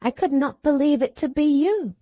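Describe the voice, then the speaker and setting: A woman's voice: high voice, moderate pace, warm tone, no room sound, pitched above the performer's own voice, close to an everyday voice. A woman voicing a frightened young nobleman held in prison, who pleads in a distressed way. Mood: pleading.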